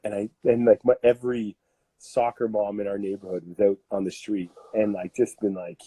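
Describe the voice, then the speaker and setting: A Canadian man in his thirties tells a story in a casual, animated way, packing it with fillers and breaking into laughter. His voice is mellow and a little husky. The recording is dry and close. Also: on the low side, normal speed, no room sound. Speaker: podcast guest, strength coach.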